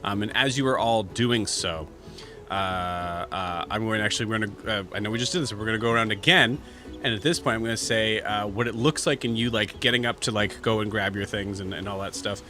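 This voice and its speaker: Male game master, bright edge to the voice, rambling narration full of ums. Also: on the low side, faint music behind. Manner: halting, many fillers and restarts.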